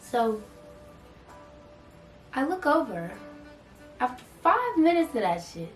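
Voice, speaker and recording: A young woman tells a storytime vlog with dramatic flair and acts out each line of quoted dialogue. Her voice sits a little high and sounds a bit distant from the mic. Her words echo around a roomy space while faint music plays underneath. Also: very animated, slow. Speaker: vlogger.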